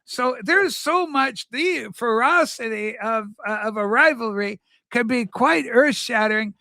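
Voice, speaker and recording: A man's voice: very high voice, a little slow, bright, forceful tone, no echo, clean studio sound. A man hosting a livestream in a campy, rambling chat, telling stories in a flamboyant persona. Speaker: livestream host. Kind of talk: casual chat.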